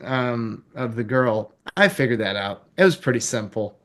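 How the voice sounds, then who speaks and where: A man's voice: medium pitch, animated, moderate pace, a bit bright. A man reviewing a film in casual chat, rambling and chuckling as he talks.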